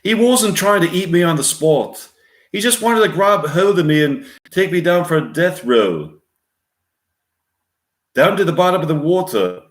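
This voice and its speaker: A man's voice: fairly high pitch, lively intonation, a little slow, pitched above the performer's own voice. A man doing a tough Australian bushman. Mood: cocky. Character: gruff Australian bushman, laid-back and tough. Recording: roomy echo.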